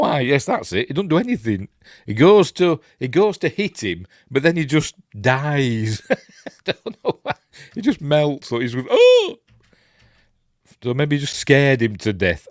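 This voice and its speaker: A Yorkshire man talks his way through a film scene by scene, in a rambling and hesitant way, full of ums and restarts. His voice sits fairly low, and it is recorded close and dry with no room sound. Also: dry recording. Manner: rambling, hesitant, many ums and self-corrections. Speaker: film reviewer. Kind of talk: casual film recap while watching.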